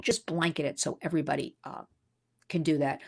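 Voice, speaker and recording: A woman's voice: sits low, fairly even intonation, brisk, gravelly, a little mellow, slightly rough. A woman hosts a livestream and talks off the cuff. She sounds emphatic and indignant and reads viewers' comments aloud. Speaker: livestream host. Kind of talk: unscripted livestream talk. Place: New York City.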